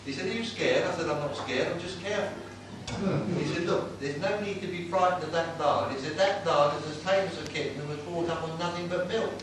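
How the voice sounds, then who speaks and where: A man's voice: on the high side, close to an everyday voice. A man doing a cheeky old-time music-hall comic. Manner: brisk patter, lots of "I said, he said". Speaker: tribute act comedian. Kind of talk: live stand-up with saucy gags. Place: live venue with an audience. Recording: roomy and distant with loud noise.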